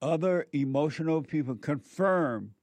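A man delivers a moralizing monologue in a slightly higher voice, unhurried and emphatic. He repeats words to drive his points home. The sound is close and dry. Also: animated, a little mellow, dry recording.

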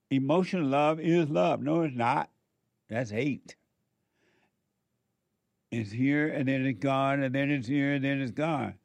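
A man's voice: medium pitch, creaky, darkish tone, no echo. A man preaching a sermon, exhorting and repeating his points while speaking straight to the listeners. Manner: repetitive, exhorting, addresses listeners directly.

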